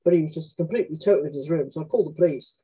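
Frank woman with a dark husky voice. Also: low voice, rapid-fire, rough recording. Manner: frank, chatty, often acts out quoted dialogue. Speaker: author guest. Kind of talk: candid conversational anecdotes.

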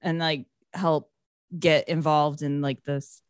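A woman co-hosting a podcast who recaps a movie casually, with lots of swearing and animated asides. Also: sits low, unhurried, clean tone, no echo, studio quality. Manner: profane, animated storytelling. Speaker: podcast co-host.

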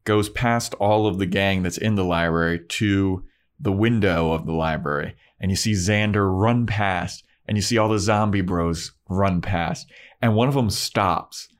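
An unhurried man with a low voice co-hosts a podcast, chatting through an episode recap in a loose, slang-heavy, laid-back style.

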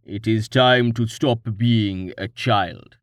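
A gruff, stoic smith, as a male narrator voices him, rumbling out short sentences at a slow, heavy pace. His voice sits a little low and sounds dry and close. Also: no echo. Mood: stern.

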